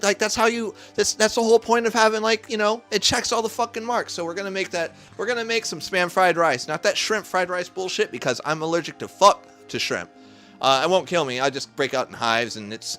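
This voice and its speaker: Young male cooking streamer with a high voice, loose and profane, talking into a neck-mounted camera in his kitchen, soft music under him. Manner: profane, rambling and hyped. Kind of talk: casual livestream cooking chat. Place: home kitchen.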